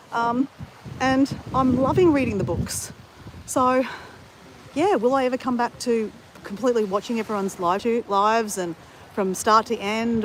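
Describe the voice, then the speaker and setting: A woman's voice: fairly high pitch, a little hiss or hum, poor audio. Blunt, swearing woman vlogger. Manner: blunt, candid, swears freely. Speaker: travel vlogger. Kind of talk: casual chat to camera.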